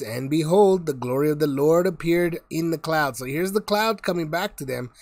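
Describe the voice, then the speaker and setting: A man with a slightly high voice teaching a relaxed Bible study. He reads a passage and then talks it through in everyday words, stumbling and restarting with plenty of "uh"s and "you know"s. The sound is dry and close, with no room echo. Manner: reads scripture aloud, then explains it in plain, halting words with many fillers. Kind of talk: casual Bible study talk. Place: United States.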